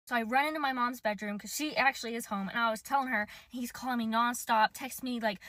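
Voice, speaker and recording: A woman's voice: fairly high pitch, fairly quick, pushed and bright, dry recording. A young woman telling a dating story casually, quoting herself and others in her own voice. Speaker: social media storyteller.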